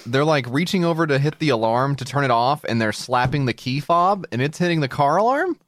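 A man co-hosting a podcast, asking dry, measured follow-up questions. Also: a little high, expressive, fairly bright tone, no echo. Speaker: podcast co-host. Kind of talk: casual podcast chat.

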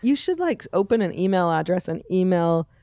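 A woman co-host tells lively, funny anecdotes in a casual chat. Her voice sits on the lower side, and the sound is close and dry with little room echo. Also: normal speed. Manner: animated anecdote-teller, quoting a child. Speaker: podcast co-host.

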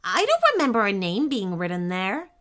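A woman's voice: medium pitch, wildly swooping pitch, normal speed, fairly bright tone. A woman voicing an eager, curious young boy in a children's story.

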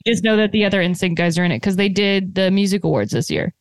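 A woman's voice: mid-range voice, expressive, dry recording. A woman comedian from Canada, chatting and joking on a podcast. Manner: chatty, joking, quick asides. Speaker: comedian guest. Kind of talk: casual podcast banter.

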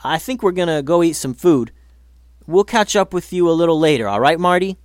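A man voices a friendly, easygoing boy in an upbeat mood, pitching above his own voice with light acting. The delivery is fairly high with lively intonation and a little fast, captured in clean studio sound with no room noise.

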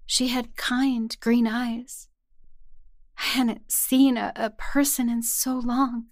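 Woman, horror story narrator, tense, hushed, slightly high voice. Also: level tone, takes it slowly, no room sound, clean studio sound. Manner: tense, hushed storytelling that rises to anguished cries.

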